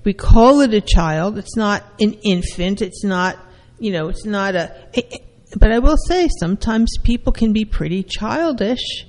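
Slow-speaking therapist, long hall reverb. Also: medium pitch, animated. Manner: measured, with frequent fillers and restarts. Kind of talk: explanatory talk to an audience.

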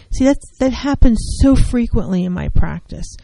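A woman's voice: fairly high pitch, lively intonation, normal speed, vocal fry, warm tone, a little hiss or hum, poor audio. A middle-aged woman counselor giving an earnest, emphatic talk on handling feelings, repeating key phrases to drive them home. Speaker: licensed professional counselor. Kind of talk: educational talk on mental health.

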